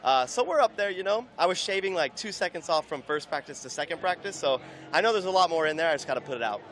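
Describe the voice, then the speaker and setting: A man's voice: fairly high pitch, expressive, fast talker, fairly bright tone. A male racing driver chatting casually after a session, lots of fillers, sounding stoked. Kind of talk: trackside interview. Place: outdoors at a racetrack.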